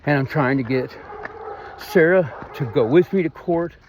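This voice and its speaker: A man's voice: fairly high pitch, unhurried, a little hiss or hum. A man with a Missouri twang venting in a rambling, aggrieved vlog monologue. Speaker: vlogger.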